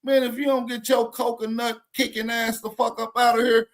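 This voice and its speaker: A man's voice: extremely high pitch, level tone, normal speed. A man hosting a reaction commentary, mocking and profane, with heavy emphasis. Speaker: commentary channel host.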